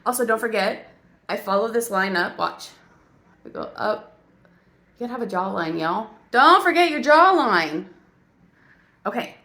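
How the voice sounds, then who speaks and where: A woman's voice: medium pitch, moderate pace, gravelly, long pauses, a bit bright. A woman, an actress and mom, chatting playfully to her viewers as she walks them through her makeup routine. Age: adult parent. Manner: silly, chatty, talks straight to viewers. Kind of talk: casual makeup tutorial.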